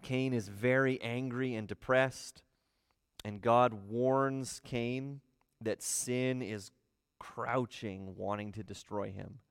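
A man's voice: mid-range voice, steady tone, slow, clean tone, no room sound, long reverb tail. A man teaching a livestreamed Bible study, explaining verses and often asking rhetorical questions.

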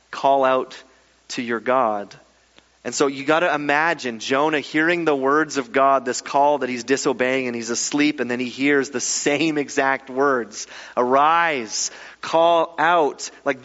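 A man preaching a sermon, reading scripture aloud and then explaining it with lively, casual asides. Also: mid-range voice. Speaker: pastor. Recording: muffled echoey hall.

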